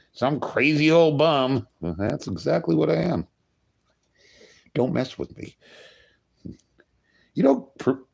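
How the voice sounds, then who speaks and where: A man's voice: medium pitch, creaky, slightly rough. A man hosting a casual livestream, chatting with viewers in a rambling, wry way and chuckling at himself. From California. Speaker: livestream host. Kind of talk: casual livestream chat reading comments.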